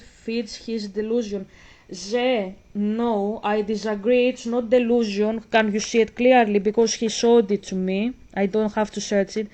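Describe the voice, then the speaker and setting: A woman's voice: on the high side, steady tone, a little slow, a little mellow. A woman vlogging in a casual way, reading passages aloud, then breaking off to question and argue, hesitant and searching. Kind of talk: casual vlog commentary.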